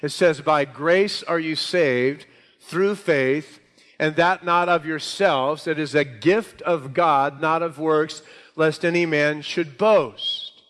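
A man's voice: fairly high pitch, slow, a bit bright. A man preaching a sermon to a congregation, with emphatic, rising delivery. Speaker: pastor. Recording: hall reverb.

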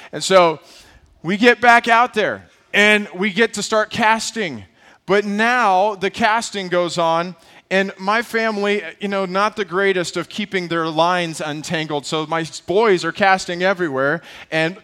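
A man in his thirties preaching a sermon as a pastor, telling a family story with lively acted-out voices. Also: fairly high pitch, normal speed, clean tone.

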